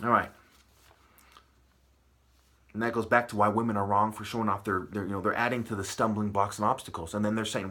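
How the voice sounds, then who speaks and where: A man delivering a heated, profane spiritual rant. He swings from low muttering to yelling. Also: steady tone, fairly quick, pauses often. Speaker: channel host.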